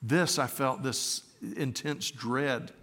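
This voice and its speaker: An older man preaching a sermon, moving from a tender, emotional story to fervent appeals to the congregation. His voice sits at an ordinary middle pitch and carries a long reverb, as if it were filling a large hall. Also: slow, a bit bright.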